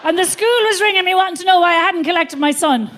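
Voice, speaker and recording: A woman's voice: extremely high pitch, quick pace, slight background noise. A woman in her fifties telling brash, profane stories as a stand-up comedian on a theatre stage. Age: 50s. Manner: brash, profane, animated storytelling. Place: theatre stage before an audience.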